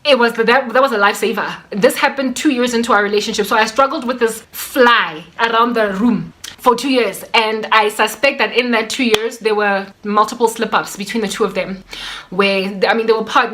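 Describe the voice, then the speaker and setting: A woman telling a personal story in an animated, chatty way, full of fillers and acted-out dialogue. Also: on the high side, brisk. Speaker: vlogger.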